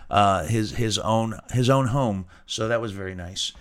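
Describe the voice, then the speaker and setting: A man hosting a casual podcast chat over whiskey, with a lively, playful showman's delivery. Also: on the low side, unhurried. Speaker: podcast host.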